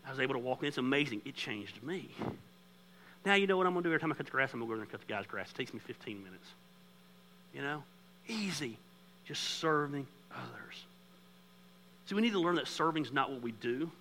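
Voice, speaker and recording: Bright, storytelling male pastor. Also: medium pitch, fast talker, slight background noise, poor audio. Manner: storytelling, self-deprecating humor; conversational, with lively bursts. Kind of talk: sermon.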